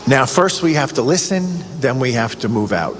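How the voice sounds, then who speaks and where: A man preaching a sermon in an earnest way, asking the listener questions and growing excited. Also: medium pitch, normal speed. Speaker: priest or preacher on a radio show. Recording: long reverb, faint ambient noise.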